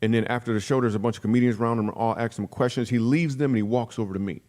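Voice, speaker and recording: A middle-aged man, a comedian, telling lively comic stories in a podcast interview and acting out the people in them. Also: medium pitch, racing. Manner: animated storyteller acting out quoted voices. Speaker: guest comedian.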